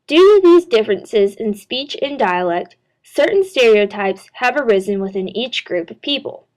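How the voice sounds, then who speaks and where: A woman, a student narrator, reading a scripted narration in a steady, formal way. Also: a little high, normal speed. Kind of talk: read-aloud scripted narration.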